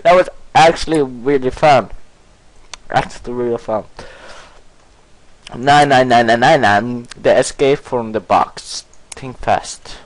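A man giving let's-play commentary, excitable and playful, bursting into shouts and giggles in broken English. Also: mid-range voice, slow pace, no echo, poor audio. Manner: broken, ungrammatical English phrasing. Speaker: gaming commentator.

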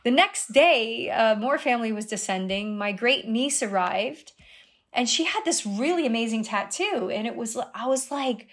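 A middle-aged woman, a guest on an interview show, telling a personal story in an animated way, her voice jumping high at surprising moments. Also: moderate pace. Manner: animated retelling with sudden high exclamations. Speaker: guest, dream guide.

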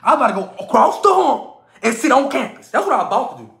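Brief: excitable, heckling sports fan gone hoarse; pitch leaps all over, echoey room. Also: rapid-fire. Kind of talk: trash-talking reaction rant.

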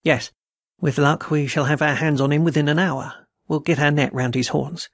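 A man voicing a brisk, authoritative male intelligence chief in a story reading. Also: fairly high pitch, steady tone, no echo, studio quality.

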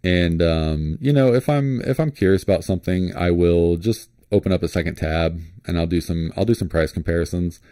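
A man vlogging about flashlights, thinking aloud in a relaxed, rambling way with many fillers and restarts. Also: deep voice, normal speed, hardly any pauses, dry recording, studio quality. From Florida. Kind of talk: casual screen-share commentary.

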